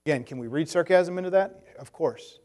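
A man's voice: on the high side, brisk, a little mellow, long reverb tail. A man preaching a conversational sermon, acting out the voices of the people in his story. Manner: conversational, acts out voices of Bible figures. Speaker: pastor.

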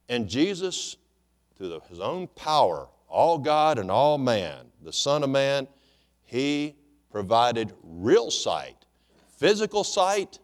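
A man's voice: mid-range voice, big-room sound. A man preaching a sermon as pastor, emphatic, repeating phrases and asking his congregation rhetorical questions.

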